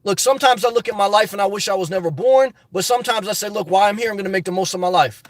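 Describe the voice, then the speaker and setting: Brief: middle-aged male host, high voice, dry close sound, reads chat and answers with passion. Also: rapid-fire, few pauses, no echo. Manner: passionate, ranting; reads viewer comments aloud and answers them. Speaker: livestream host. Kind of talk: casual live-chat reply.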